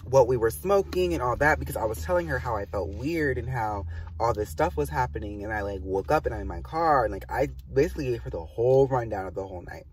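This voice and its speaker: A young man casually telling a storytime on his vlog, animated and swearing a lot, with many "like" fillers. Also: medium pitch, fast, recorded from a distance, a little hiss or hum. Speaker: vlogger.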